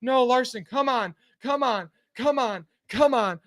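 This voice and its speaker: A man live-streaming a car race, giving excited, anxious fan play-by-play and pleading with the drivers, sounding out of breath. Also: very high voice, a little slow, hardly any pauses, no echo, clean studio sound.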